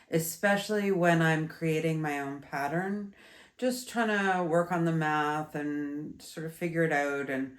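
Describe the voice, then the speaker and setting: A woman in her thirties, a bit stuffy, chatting casually through a yarn review with many fillers and restarts. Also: low-pitched. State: stuffy, congested. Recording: roomy echo.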